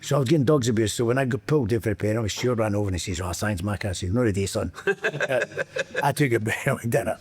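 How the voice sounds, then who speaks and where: A husky voice on the low side, quick in pace, belongs to a middle-aged Scottish man, a former footballer on a podcast. He chats loosely through animated anecdotes, acting out what others said and laughing often.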